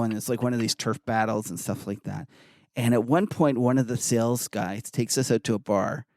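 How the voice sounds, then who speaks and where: A man's voice: medium pitch, no room sound. Dry-sounding man telling stories. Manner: storytelling, laughs often, animated when retelling. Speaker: podcast host. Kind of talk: casual podcast chat.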